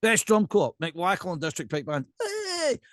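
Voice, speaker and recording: A man with a Scottish accent, a podcast guest and pipe band drummer, chatting casually in an animated ranting way and often checking in with "right?". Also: fairly high pitch, normal speed, no echo, clean studio sound.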